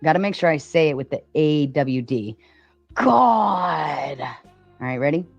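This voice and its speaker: A woman with a deep, soft, husky voice talks on a live-stream panel, defiant as she answers viewers and reads out donations. The stream audio is dull and muffled, with faint music behind her. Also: fairly quick, dry recording. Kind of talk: casual live-stream talk.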